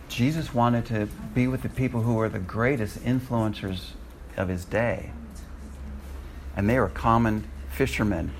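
Brief: male lecturer-missionary, classroom testimony, mid-pitched, lively storyteller who squeaks up high when quoting himself, faint room noise. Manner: animated, acts out his own lines with sudden high leaps in pitch and laughter. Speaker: Bible college lecturer and missionary.

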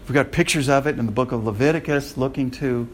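A man's voice: medium pitch, fast talker, a little hiss or hum. American man teaching a Bible class. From United States. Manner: conversational, checks in with the class. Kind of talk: classroom lecture.

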